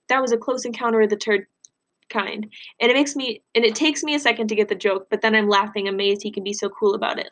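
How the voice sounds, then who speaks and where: A woman teacher reads a novel aloud in a plain, steady voice. She then shifts to clear instructions for a recorded lesson. Her pitch sits in an ordinary middle range.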